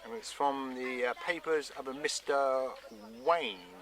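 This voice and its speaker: A man's voice: mid-range voice, steady tone, normal speed, a crowd in the background. An Englishman hosting a casual history vlog outdoors at castle ruins, talking with lots of fillers. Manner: chatty, hesitant with fillers. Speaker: history vlogger.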